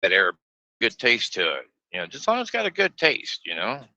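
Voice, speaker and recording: Folksy grumbling trucker man, bright voice. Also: medium pitch, huge pitch swings, brisk, dry recording, muffled recording. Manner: folksy, grumbling, laughs often. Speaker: truck driver streaming live. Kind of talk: casual live-stream chat. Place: inside a semi truck cab.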